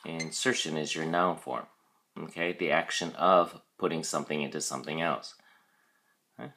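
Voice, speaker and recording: Very low-voiced male teacher. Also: fairly even intonation, pushed and bright. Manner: patient, explanatory, checks in with "okay"; stresses syllables slowly when modeling pronunciation. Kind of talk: recorded vocabulary lesson.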